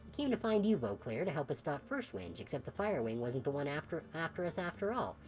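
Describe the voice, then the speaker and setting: A woman's voice: low voice, sing-song, brisk, a little mellow, soft background music, poor audio. A woman voicing a defiant female mercenary in video game dialogue, blunt, sarcastic and profane. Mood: accusing.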